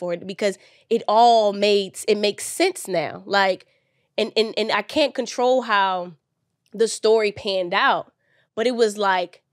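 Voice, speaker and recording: A woman speaks as a podcast guest in a close, dry studio. Her voice sits in a middling range, but it jumps up when she gets excited and she talks with animated, building energy. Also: medium pitch, dry recording. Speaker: guest, finance educator. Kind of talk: emotional interview talk.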